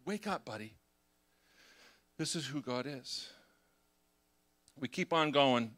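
A middle-aged man preaching a sermon, animated and acting out the voices of the people in his story. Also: mid-range voice, slow pace. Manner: animated, acts out voices of God and Gideon. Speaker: pastor.

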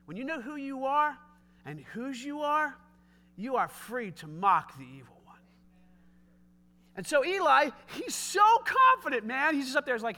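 Male preacher, sermon, animated storytelling, very high pitch, bright. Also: unhurried. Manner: animated storytelling, casual asides.

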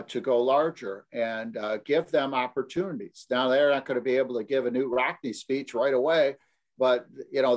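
A man's voice: mid-range voice, a little mellow. A man co-hosting a podcast, giving earnest coaching-style advice on leadership with confident emphasis. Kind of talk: casual discussion on leadership.

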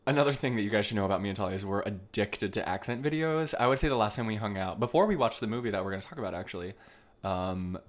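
A man from Vermont hosts a podcast with a loose, playful, slightly profane manner. His voice sits very low, and his speech is full of filler ums. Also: animated, rapid-fire. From Vermont, United States. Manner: loose and playful, frequent ums, swears casually. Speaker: podcast host. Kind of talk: casual chat.

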